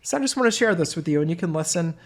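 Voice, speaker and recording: A man's voice: fairly high pitch, lively intonation, very fast. A man giving an informal course presentation, telling stories in a conversational way. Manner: conversational storytelling. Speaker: business course instructor.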